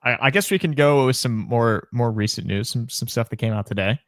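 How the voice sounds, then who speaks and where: A man's voice: medium pitch, fairly quick, no echo, studio quality. A young man co-hosting a casual sports podcast, chatty, with lots of restarts and repeated words. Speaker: podcast co-host. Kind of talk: casual chat.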